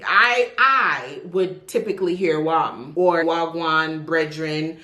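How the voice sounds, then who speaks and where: A woman's voice: low-pitched, sharp tone. A woman from Jamaica with a Jamaican accent, reviewing books in a chatty, emphatic way. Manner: chatty and emphatic, with drawn-out stresses. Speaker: book vlogger. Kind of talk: casual book review. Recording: echoey room.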